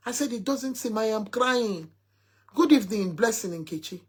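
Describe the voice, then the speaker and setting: A woman's voice: on the high side, animated, normal speed, slightly rough. A woman telling an emphatic story, quoting her son at length as she talks to her followers. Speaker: mother sharing a story. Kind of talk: casual talk to followers.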